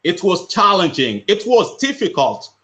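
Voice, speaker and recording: A man's voice: high voice, very animated, a little slow, a bit bright. A man from West Africa, a motivational speaker, telling a personal story in an earnest way and repeating phrases for emphasis.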